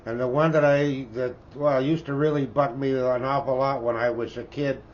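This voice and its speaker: A Canadian record collector in his seventies chats in a casual show-and-tell, his mid-range voice steady in intonation and normal in speed. He's folksy and rambling, tacking "eh?" onto his remarks, and the recording is dull and lo-fi with faint background noise.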